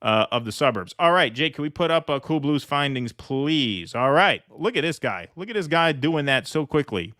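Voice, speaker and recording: A man's voice: a little high, animated, moderate pace, hardly any pauses, sharp tone, dry recording, clean studio sound. A man hosting a live political stream, chatting casually, joking, and reading viewer comments aloud.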